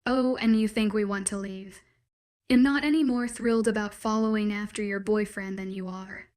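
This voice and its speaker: A woman's voice: medium pitch, steady tone, normal speed, a little mellow, lightly acted. Woman voicing a stern werewolf guy, clipped orders, audiobook. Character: angry commanding young werewolf man.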